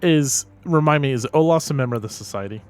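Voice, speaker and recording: A man's voice: mid-range voice, quick pace, clear, resonant tone. A man playing a tabletop game, talking casually and correcting himself. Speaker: player.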